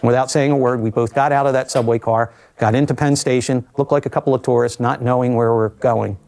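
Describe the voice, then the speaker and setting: An older man recounting his own survival in a documentary interview, measured and reflective with vivid asides. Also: medium pitch, fairly even intonation, vocal fry, darkish tone.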